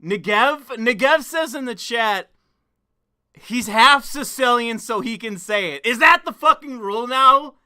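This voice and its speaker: A man's voice: very high-pitched, a little slow, bright, forceful tone, clear, resonant tone, dry recording. A young man hosting a casual stream, reacting to a clip with laughing, profane disbelief.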